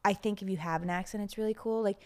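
A woman's voice: mid-range voice, fairly even intonation, fast. A chatty woman co-hosts a casual podcast. She laughs easily and pokes fun at herself, and her nose sounds a little stuffy. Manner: giggly, self-deprecating, chatty. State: pregnant, runny nose. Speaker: podcast co-host. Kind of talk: casual chat.

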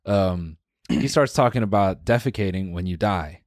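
A man's voice: deep voice, lively intonation, moderate pace, darkish tone, no echo, clean studio sound. A man co-hosting a podcast, chatting in a casual, slangy way and telling stories from school. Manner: casual, slangy storyteller who says "bro" and "dude". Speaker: podcast co-host.

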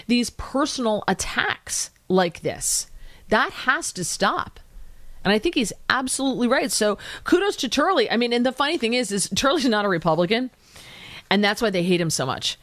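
A woman guest-hosting a talk radio show, giving animated, indignant commentary in fast bursts. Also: mid-range voice, no echo.

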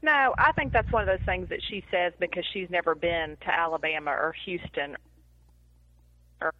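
A woman co-hosting a casual podcast over an online call, quick and animated, often giggling. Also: fairly low pitch, dry recording, dull audio. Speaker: podcast co-host. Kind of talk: casual chat.

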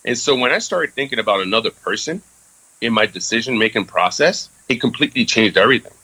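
A man's voice: mid-range voice, expressive, fast talker, bright, forceful tone, slightly rough, rough recording. A man from France in his thirties, a guest casually telling a candid story with many fillers and casual swearing.

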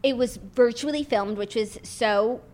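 A woman's voice: on the high side, a little slow, a little mellow. A woman co-hosting a podcast in casual, playful chat, full of fillers. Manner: chatty, playful, many fillers. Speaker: podcast co-host.

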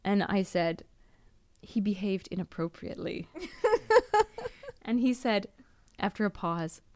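A woman's voice: mid-range voice, unhurried, a little mellow, dry recording, studio quality. A woman podcast host frankly telling a personal story, with small laughs and restarts.

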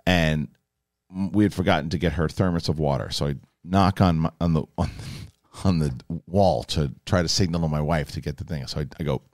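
A man in his thirties hosting a podcast, rambling and animated as he tells stories, with frequent restarts. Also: a bass voice, a little fast, no echo, clean studio sound. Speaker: podcast host. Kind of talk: casual chat.

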